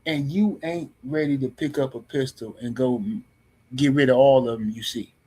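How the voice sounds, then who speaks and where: Husky middle-aged man telling a story. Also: mid-range voice, moderate pace. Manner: animated, blunt and profane, with many restarts. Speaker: podcast panelist. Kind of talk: casual storytelling.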